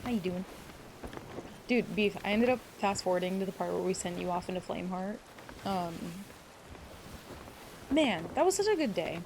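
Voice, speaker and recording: A woman's voice: on the low side, lively intonation, normal speed, vocal fry, long pauses, background noise. A woman streamer chatting casually with her viewers, rambling and swearing freely, teary at moments. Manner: rambling, emotional, swears freely, greets chat by name. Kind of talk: casual live-stream chat.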